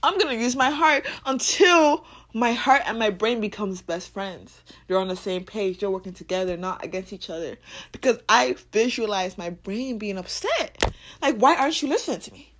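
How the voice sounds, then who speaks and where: A woman of twenty-one talking unscripted on her podcast about heart and spirit, casual and swearing, swinging from low musing to loud laughing bursts. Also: moderate pace.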